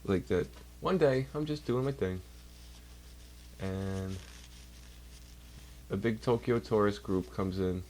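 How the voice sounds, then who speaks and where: A man's voice: on the low side, slow, pauses often, darkish tone, slight background noise. A man chatting casually on a livestream from home, rambling and swearing while doing chores. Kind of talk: casual rambling stream chat. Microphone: computer mic while streaming.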